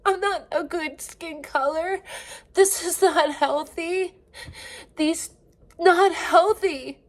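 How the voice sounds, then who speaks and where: A woman in her forties venting in a personal video diary, raw and emotional, swearing often and breaking off mid-sentence. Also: extremely high pitch. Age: 40s. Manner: halting, restarts and trailing phrases. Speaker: vlogger.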